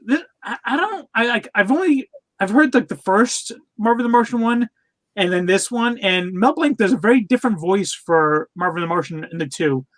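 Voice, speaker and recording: Male podcast co-host, high-pitched, loose and chatty, full of "uh" and restarts. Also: expressive, normal speed, fairly bright tone. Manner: rambling with many fillers and restarts, laughs often. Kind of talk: casual chat reviewing cartoons.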